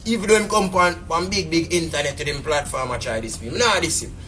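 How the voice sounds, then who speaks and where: Jamaican man, patois, indignant rambling live-stream rant, higher-pitched, faint music behind. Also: quick pace, bright, forceful tone. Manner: heated and indignant, rambling with repeated fillers. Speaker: businessman telling his side.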